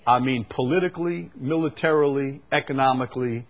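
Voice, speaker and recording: A man preaching a sermon, dropping to quiet low asides and then rising into loud, drawn-out proclamations, repeating phrases for emphasis. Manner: repeats phrases for emphasis and reads scripture aloud.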